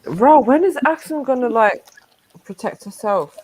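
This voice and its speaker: A man chatting on a livestream, bemused and quick to laugh. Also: very high voice, animated, darkish tone, rough recording. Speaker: livestream guest. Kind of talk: casual chat on a livestream.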